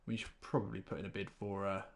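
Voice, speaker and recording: A man's voice: sits low, level tone, fast, vocal fry. A man, rambling chattily through live gameplay commentary while greeting chat viewers. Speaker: game streamer.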